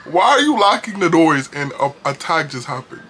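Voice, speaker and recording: A young man telling a storytime vlog in an animated, casual way, laughing often. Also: on the high side, moderate pace, a little hiss or hum. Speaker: vlogger.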